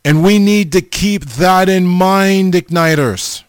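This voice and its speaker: Male preacher, informal sermon, slow deliberate delivery, smooth clear tone, slightly high voice. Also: no room sound. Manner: slow, halting, repeats the audience name often.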